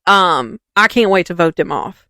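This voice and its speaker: Chatty woman gossiping on a podcast, acts out all the quotes, smooth clear voice, dry close mic. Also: lowish voice, expressive, moderate pace, pushed and bright, dry recording. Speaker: podcast co-host. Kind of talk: casual chat.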